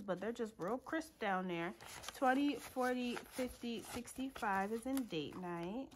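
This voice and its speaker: A woman's voice: fairly high pitch, lively intonation, normal speed, a little hiss or hum. A woman, chatting casually to viewers as she counts cash into envelopes, laughing often and calling them y'all. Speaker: budgeting vlogger. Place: home room at a table.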